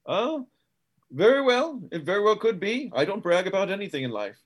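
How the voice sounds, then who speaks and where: Slightly high-voiced man playing a tabletop game. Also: very animated, fairly quick, slightly rough. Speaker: player.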